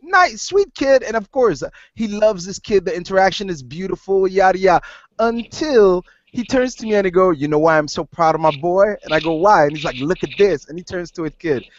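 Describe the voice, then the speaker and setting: A man's voice: high voice, animated, brisk, no room sound. Man telling a story with swearing. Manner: swearing storyteller who acts out quoted dialogue. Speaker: podcast co-host. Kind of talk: casual chat. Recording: dull lo-fi audio.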